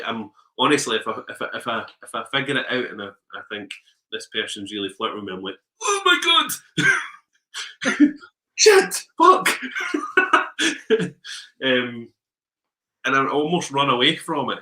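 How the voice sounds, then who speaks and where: A man's voice: on the low side, bright, forceful tone, poor audio. A man co-hosting a casual chat, telling rambling stories with frequent laughs and ums. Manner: rambling storyteller, laughs often, trails off with ums. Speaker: podcast co-host.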